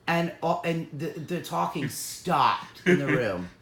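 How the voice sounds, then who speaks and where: A woman co-hosting an online sale, telling animated stories with a lot of laughter. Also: sits low, slow. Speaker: co-host selling magical items. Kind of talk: casual storytelling chat. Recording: echoey room.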